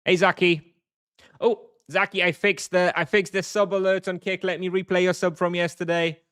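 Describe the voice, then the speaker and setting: A man's voice: high voice, little pitch movement, normal speed, fairly bright tone, clean tone, no room sound, studio quality. A man streaming a game live, chatting casually with his chat, thinking aloud with fillers and frequent chuckles.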